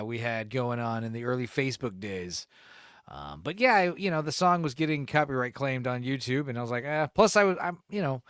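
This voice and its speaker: A man's voice: mid-range voice, a bit bright, dry recording, clean studio sound. A man co-hosting a podcast in casual chat, rambling and cursing as he acts out quotes in different voices. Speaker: podcast co-host.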